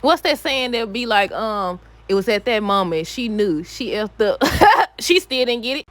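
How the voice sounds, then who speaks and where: A woman giving a casual, animated recap of a soap opera, talking back to the characters with exasperated asides. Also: a little high, a little slow.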